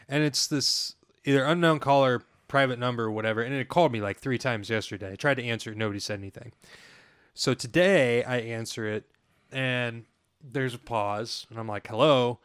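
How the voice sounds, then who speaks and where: A man's voice: mid-range voice, a little fast, a bit bright, clear, resonant tone, dry recording, clean studio sound. A young man co-hosting a podcast, chatting casually and telling a rambling story with frequent restarts. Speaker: podcast co-host. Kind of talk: casual sports chat and storytelling.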